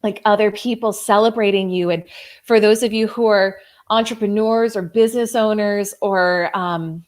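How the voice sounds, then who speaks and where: A woman's voice: medium pitch, fairly even intonation, moderate pace. Gushing woman hosting a live coaching stream. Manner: gushing, effusive, lots of "like". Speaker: host and coach.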